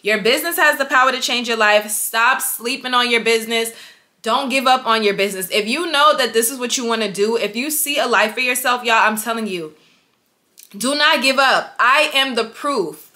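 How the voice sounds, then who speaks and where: This young woman, a vlogger and business owner, speaks at a moderate pace in a slightly high, sharp voice. Her motivational talk is emphatic and repetitive as she urges on her viewers, calling them y'all.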